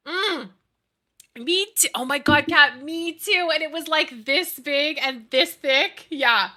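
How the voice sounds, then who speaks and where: A woman's voice: high voice, expressive, slow, long pauses, bright, forceful tone. A woman in her thirties chatting casually and animatedly with her live chat, giggling and gushing as she talks. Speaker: streamer.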